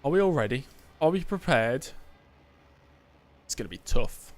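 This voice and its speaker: A man's voice: medium pitch, very animated, moderate pace. English male gaming streamer, casual and self-deprecating, medium voice. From England. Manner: chatty, joking, self-deprecating asides. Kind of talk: casual gameplay commentary.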